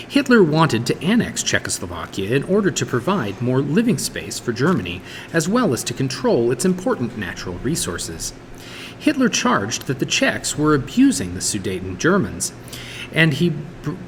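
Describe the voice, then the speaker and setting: A man's voice: mid-range voice, slight background noise. Man reading a history textbook in a reverberant room. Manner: steady reading with occasional small stumbles and self-corrections. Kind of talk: read-aloud textbook narration.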